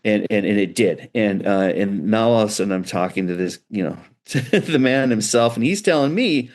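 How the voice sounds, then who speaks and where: A man's voice: on the low side, moderate pace. Chatty middle-aged man telling stories. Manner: animated storyteller, loose and chatty with many restarts. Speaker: guitar builder guest. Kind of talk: casual storytelling interview.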